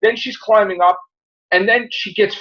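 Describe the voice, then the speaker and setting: A man hosting a casual review podcast, rambling through an animated retelling of a plot. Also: high-pitched, moderate pace, dull audio. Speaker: podcast host.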